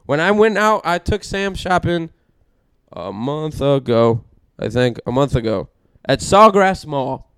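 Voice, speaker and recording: A man's voice: a little high, big pitch swings, a little slow, a bit bright, smooth, no room sound. A man co-hosting a podcast in casual chat, brash and profane. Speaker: podcast co-host.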